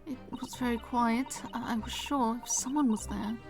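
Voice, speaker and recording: A woman voicing a timid, nervous young woman with a put-on Russian accent, speaking in a hushed, halting way. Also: on the high side, fairly even intonation, music in the background, natural voice. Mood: anxious. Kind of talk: reading game dialogue aloud in voices.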